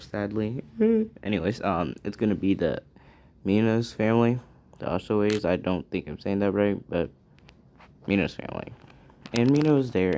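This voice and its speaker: A man's voice: fairly low pitch, dark tone, a little hiss or hum. A man improvising a fan story aloud, rambling and hesitant as he thinks it up.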